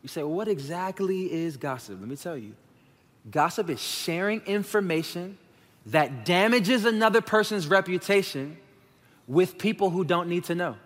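Pastor guy in his 30s, kinda high voice, chatty honest sermon, big echoey church hall. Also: lively intonation, moderate pace. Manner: conversational and candid, addressing the congregation as y'all. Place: church sanctuary. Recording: long reverb of a large hall.

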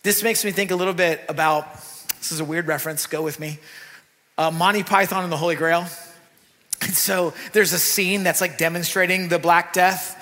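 A man preaching a sermon in a church, talking in a lively, conversational way with asides to the congregation. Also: sits high, moderate pace. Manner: animated, conversational preaching with asides and acted quotes. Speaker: pastor. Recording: long reverb of a church hall.

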